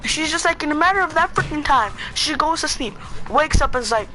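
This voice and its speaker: A man vlogger telling a storytime story in a rambling, excitable way, using "freaking" a lot, with music playing behind him. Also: extremely high pitch, a little fast, low-quality recording. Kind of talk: storytime vlog. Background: background music.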